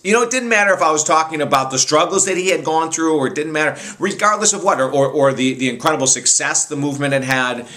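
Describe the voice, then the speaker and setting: A man who hosts a radio talk show, telling a personal story in an animated, rambling way with frequent restarts. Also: on the high side, fast, few pauses.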